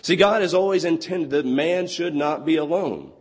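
Young male preacher with a hoarse, lost voice; earnest, slow on scripture, in a reverberant hall. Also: on the high side. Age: 20s. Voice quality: husky. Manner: earnest, quotes scripture slowly and deliberately. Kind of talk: sermon.

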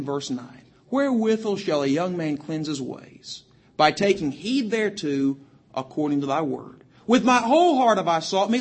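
A man with a high, husky voice delivers a sermon to youth. Quoting scripture in archaic King James phrasing, he emphatically runs through verse references at speed.

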